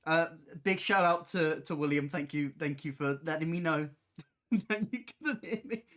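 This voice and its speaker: Loud, giggly woman livestreaming. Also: low voice, normal speed. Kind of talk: casual livestream chat. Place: home, building on the floor.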